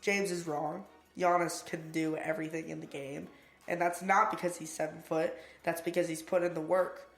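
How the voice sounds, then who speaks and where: Young man, hoarse and gravelly, relaxed podcast co-host, echoey room. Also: fairly high pitch, moderate pace, soft background music. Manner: laid-back, laughs easily. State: hoarse, voice nearly gone. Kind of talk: casual chat.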